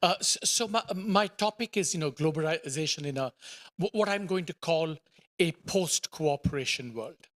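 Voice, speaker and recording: A middle-aged economist presents on a conference panel. His voice sits a little high for a man, and he starts sentences haltingly, full of fillers. He hammers points home by repeating words. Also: a bit bright. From India. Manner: hesitant starts with many fillers, emphatic repetition.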